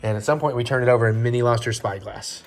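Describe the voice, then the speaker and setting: A man hosting a home vlog, joking and thinking out loud while he puts a toy together. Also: mid-range voice, quick pace, soft background music. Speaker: vlog host. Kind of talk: casual chat while assembling a toy set.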